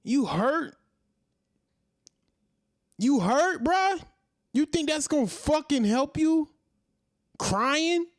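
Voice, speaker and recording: Heated man ranting with lively pitch. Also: very slow, long pauses, no room sound, studio quality. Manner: heated, profane, hammering rhetorical questions. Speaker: commentary host. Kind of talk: ranting monologue.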